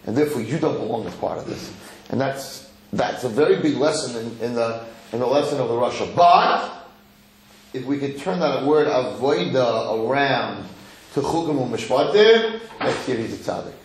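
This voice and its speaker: A man giving a lively Torah lecture as a rabbi, emphatic and given to repeating words as he builds to a story. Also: mid-range voice, normal speed. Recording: roomy hall with faint noise.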